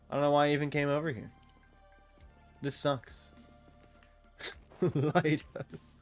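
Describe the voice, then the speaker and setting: A young man casually commenting while he plays a video game, rambling and joking with frequent laughs. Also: medium pitch. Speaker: gaming streamer.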